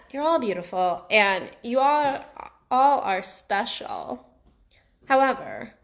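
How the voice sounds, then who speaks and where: Gravelly-voiced coach with a New York-Texas accent. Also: female voice, on the high side. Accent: mixed New York and Texas. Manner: blunt, casual, swears freely, repeats for emphasis. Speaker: sex and relationship coach. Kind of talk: motivational direct-to-camera talk.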